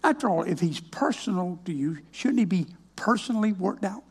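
With a high, expressive voice that's husky and a little rough, an older drawling minister tells his personal testimony as a sermon at a moderate pace. His manner is folksy and plain, spiced with wry, dry humor.

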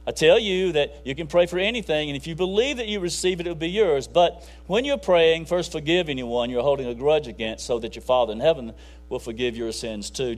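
A man preaching a conversational, folksy sermon with bursts of emphasis. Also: medium pitch.

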